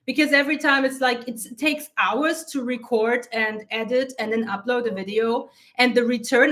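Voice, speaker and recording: A woman's voice: a little high, fairly bright tone. Blunt, profane woman talking to camera. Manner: blunt and profane, with frequent laughs. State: teary eyes from allergy. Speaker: mindset coach and channel host. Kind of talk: casual talk to camera.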